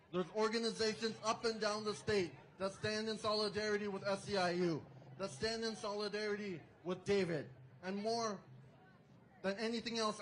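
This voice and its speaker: A man speaking forcefully at an outdoor protest rally, leading chants and introducing the next speaker. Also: high-pitched, a little hiss or hum, poor audio. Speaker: rally emcee.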